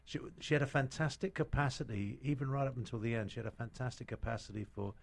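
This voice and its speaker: A man's voice: mid-range voice, fast, gravelly. A middle-aged British man, an actor guest, telling stories in casual chat with many restarts and fillers. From Britain.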